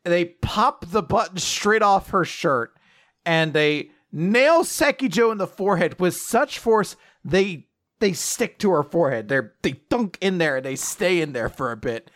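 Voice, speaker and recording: Podcast co-host, male, playful recap delivery, high-ish and expressive. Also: measured pace. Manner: animated, laughing, acts out character lines. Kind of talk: casual anime recap chat.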